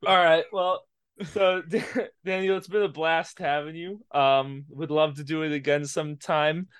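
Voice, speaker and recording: Slightly high-voiced male podcast host. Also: fairly even intonation, normal speed, fairly bright tone, smooth. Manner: friendly, wraps up the show. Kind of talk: casual podcast chat.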